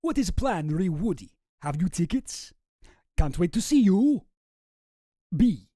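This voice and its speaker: A man's voice: high voice, big pitch swings, normal speed, warm tone, no room sound, studio quality, pitched above the performer's own voice. A man putting on a campy, vampire-like Russian accent to read out another man's emails. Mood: mock-sinister.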